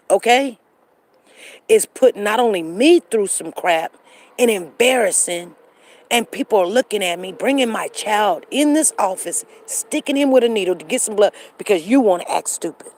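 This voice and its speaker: A woman in her fifties hosting a live show, animated and acting out the other people's lines as she tells a story to her viewers. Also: medium pitch, low-quality recording.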